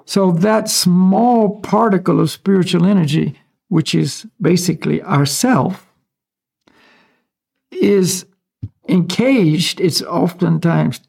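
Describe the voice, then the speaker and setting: This spiritual teacher from the United States speaks slowly in a high-pitched, creaky, slightly rough voice. His explanations are laid-back and conversational, dotted with little chuckles.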